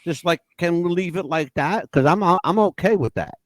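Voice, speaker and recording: A man's voice: on the high side, normal speed, dry recording. A man hosting a podcast, talking in an emphatic, profane, opinionated way. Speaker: podcast host. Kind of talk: casual opinionated chat.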